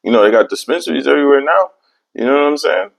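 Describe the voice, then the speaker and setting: A man's voice: a little high, expressive, quick pace, gravelly. A young man hosting a podcast, telling a long story in casual, profane, rambling chat. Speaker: podcast host.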